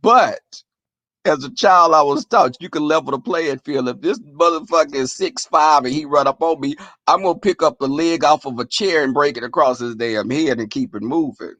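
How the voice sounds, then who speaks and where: A man hosting a live stream, casually telling stories to his chat in a profane, animated way, often breaking into laughter. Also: fairly high pitch, normal speed, no room sound.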